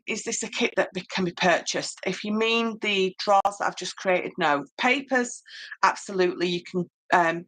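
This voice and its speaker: A woman's voice: medium pitch, pushed and bright. A woman with a Yorkshire accent giving a chatty live-stream papercraft tutorial, answering viewer comments with lots of ums. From Yorkshire, England.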